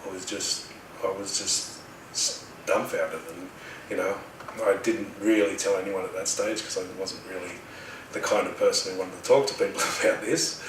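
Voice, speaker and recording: A middle-aged Australian man casually telling a personal story in a rambling, animated way, acting out the voices of the people in it. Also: sits low, moderate pace, echoey room, recorded from a distance, background noise. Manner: rambling, animated retelling with quoted dialogue. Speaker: healer telling his story.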